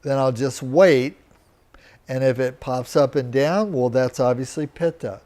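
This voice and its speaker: This lecturer has a warm voice of medium pitch. Teaching live in a teaching center room, he goes step by step at a slow, deliberate pace and checks in with his students frequently.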